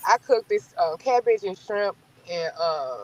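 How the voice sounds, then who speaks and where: A woman with a Southern US accent, telling stories in a sassy, blunt, animated way during a casual chat. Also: mid-range voice, a little slow, low-quality recording. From American South.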